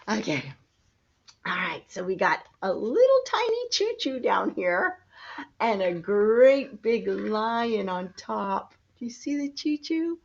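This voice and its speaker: A woman's voice: mid-range voice, very animated, takes it slowly, creaky, dull audio. An older woman, a grandmother, reading a picture book to small grandchildren in a coaxing, sing-song way. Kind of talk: children's storybook reading.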